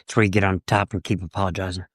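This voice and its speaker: A man's voice: low voice, little pitch movement, rapid-fire, dry recording. A man co-hosting a podcast in casual chat, tossing off dry, teasing jokes. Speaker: podcast co-host.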